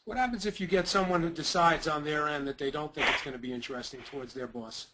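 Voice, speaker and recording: A man's voice: on the high side, fast, noisy background. A man in a seminar audience, asking the trainer a curious question. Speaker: seminar attendee.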